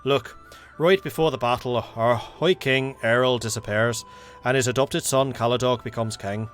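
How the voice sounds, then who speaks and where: A man's voice: mid-range voice, moderate pace, faint music behind, lightly acted. A man doing a boastful old warrior in a shaky Irish accent. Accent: put-on Irish accent, poorly done. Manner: storytelling, proud and rousing. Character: boastful old male warrior telling battle tales.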